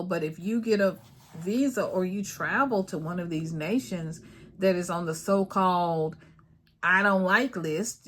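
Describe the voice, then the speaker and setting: A middle-aged woman hosting her own video, talking casually and emphatically to her viewers, repeating her points and calling them y'all. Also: lowish voice. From United States. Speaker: video host. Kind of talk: casual talk to camera.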